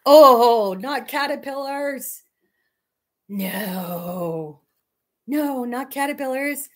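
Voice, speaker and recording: This Canadian woman, from Manitoba, speaks very slowly in a high, expressive voice while hosting a fiber arts livestream. She rambles casually with viewers and laughs a lot.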